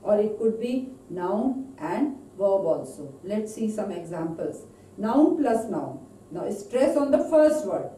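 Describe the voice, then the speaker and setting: A woman with an Indian English accent gives a recorded lecture, drawing out each example word with deliberate emphasis. Her voice is dark and mellow, with a lively rise and fall. She sits back from the mic in an echoey room. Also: medium pitch, far from the mic, a little hiss or hum. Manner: slow, deliberate, stresses example words. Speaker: English teacher.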